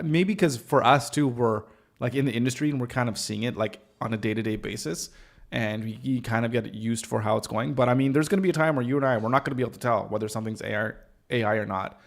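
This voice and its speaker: Gravelly-voiced Canadian man, rambling chat. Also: medium pitch, fairly quick. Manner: rambling and loose, many fillers, laughs at himself. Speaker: host, web designer. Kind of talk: casual chat while working on screen.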